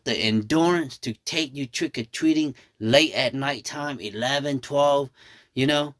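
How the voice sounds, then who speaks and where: A man's voice: mid-range voice, a little slow, fairly bright tone, dry recording, studio quality. A man in his thirties, a nail artist whose first language is Thai, chatting through a nail tutorial and telling stories, calling his viewers y'all. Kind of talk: casual storytelling tutorial.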